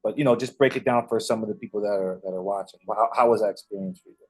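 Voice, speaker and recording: A man's voice: on the low side, rapid-fire, a little mellow, slightly rough. A man hosting a casual interview who asks loose, rambling questions and affirms the guest often. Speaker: interview host.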